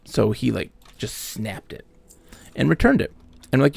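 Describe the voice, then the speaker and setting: A man in his late thirties streams a game from home and tells stories as he plays. His voice sits at an ordinary pitch with a gravelly edge. He talks animatedly, acts out the people he quotes, and swears casually. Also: huge pitch swings, unhurried, a little mellow, no echo. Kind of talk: casual storytelling while gaming.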